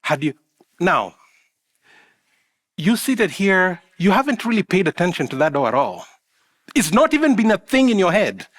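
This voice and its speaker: A middle-aged man preaching a sermon in a church, animated and acting out little scenes and asides to the congregation. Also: high-pitched, normal speed, long pauses. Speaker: pastor.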